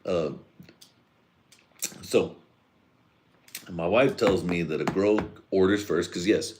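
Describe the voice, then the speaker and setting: A man with a very low, deep voice rants loosely on a live podcast stream. He sounds a little drunk, and he rambles, swears freely and breaks into laughter as he goes. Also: takes it slowly, background noise. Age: adult father and husband. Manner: rambling, profane, laughs often. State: tipsy. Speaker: podcast host. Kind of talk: casual live-stream rant.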